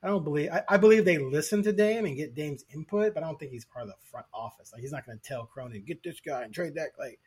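A man co-hosting a sports podcast, talking in a casual, opinionated and animated way, going off on tangents. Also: on the high side, fast talker, few pauses, slightly rough. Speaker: podcast co-host.

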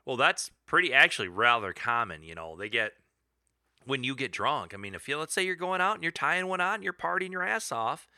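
Man, casual podcast chat, rambling storyteller, very bright tone, lively pitch, dry close sound. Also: fairly quick, no room sound. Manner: rambling storyteller, laughs often, puts on voices when quoting. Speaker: podcast co-host.

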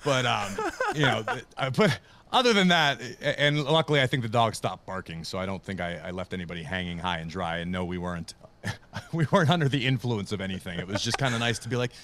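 A man's voice: on the low side, brisk, fairly bright tone. Man, thirties, wrestling commentator, casual interview, self-deprecating, acts out quotes.

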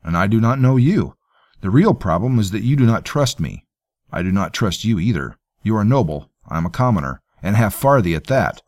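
A man's voice: lowish voice, sing-song, a little fast, darkish tone, no room sound, studio quality. A man voicing a bold, stubborn young male commoner tracker who talks bluntly and plainly.

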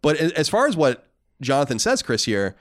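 Fast-talking, animated male podcast host. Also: fairly high pitch. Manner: animated, emphatic, rambling with restarts. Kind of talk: casual podcast chat.

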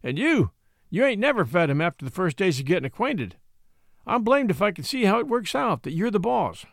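A man voicing Matt, a gruff middle-aged frontier dog musher who talks in a rough backwoods dialect and blurts out his words, in a storybook reading. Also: sits high, sing-song, a little fast, no room sound, clean studio sound, exaggerated voice. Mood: grumbling.

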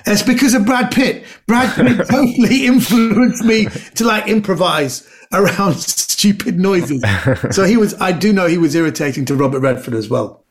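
A man guesting on a podcast, telling animated anecdotes in casual chat and acting out the voices of the people in his stories. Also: high voice, brisk. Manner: animated storyteller, acts out quoted voices.

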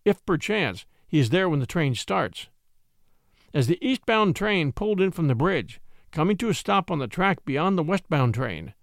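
Lively male storyteller, dry close mic. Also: on the high side, no echo. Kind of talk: scripted narration of a western adventure story.

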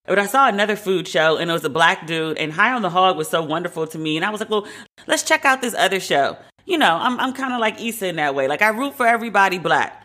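Bright-voiced woman podcast host, candid. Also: on the low side, lively intonation, fast talker, few pauses. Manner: candid, opinionated, conversational with occasional profanity. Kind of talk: casual commentary.

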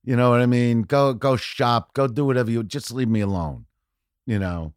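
A man's voice: mid-range voice, normal speed, no echo, studio quality. Brash, profane man telling stories. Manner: brash, profane, rising to loud rants. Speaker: guest comedian. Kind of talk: casual podcast storytelling.

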